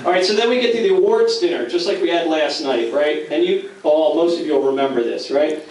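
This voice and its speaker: A man's voice: fairly high pitch, fairly quick, darkish tone. A middle-aged man from Philadelphia telling a self-mocking story at a company dinner, acting out the other voices. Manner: playful, self-mocking, acts out quoted voices. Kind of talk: storytelling speech. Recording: distant, very echoey, noisy room mic.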